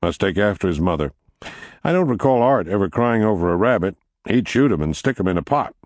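An easygoing adult man who teases with lazy amusement, as a male audiobook narrator puts him on. His speech is quick and lifts high at the ends of his questions, dry and close to the mic. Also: expressive, a little mellow, dry recording, lightly acted. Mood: amused. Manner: offhand and teasing. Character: casual, amused adult man, farmer's idle brother.

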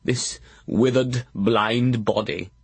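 A man voicing a melodramatic old blind earl in an audiobook, croaking and lamenting slowly. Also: medium pitch, steady tone, no echo, exaggerated voice. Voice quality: croaking, theatrical wailing. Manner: slow, drawn-out lamenting. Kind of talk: audiobook character voice.

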